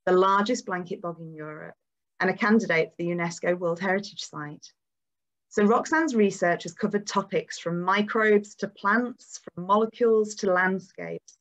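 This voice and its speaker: A woman hosting a storytelling event, introducing the programme and the guest in a measured way. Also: mid-range voice, fairly bright tone. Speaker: event host. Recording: dull lo-fi recording.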